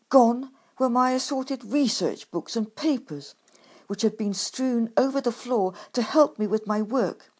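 A woman narrating a storybook in the first person, animated and dramatic. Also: mid-range voice, breathy edge.

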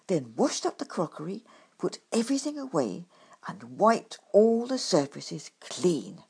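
A woman narrating a storybook in the first person, animated and dramatic. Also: fairly low pitch, measured pace, slightly rough.

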